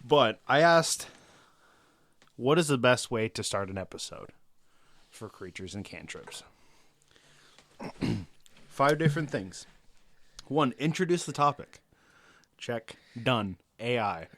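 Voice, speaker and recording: A man's voice: medium pitch, lively intonation, takes it slowly, long pauses, fairly bright tone. A man co-hosting a podcast, talking casually in a laid-back, dry way that often trails off. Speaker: podcast co-host.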